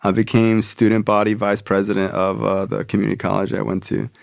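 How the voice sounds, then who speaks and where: A man's voice: on the low side, fairly quick, vocal fry, no room sound, studio quality. A man, a podcast guest, telling a personal story in a casual, loose way, full of "like" and "bro". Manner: casual, relaxed, frequent "like" and "bro".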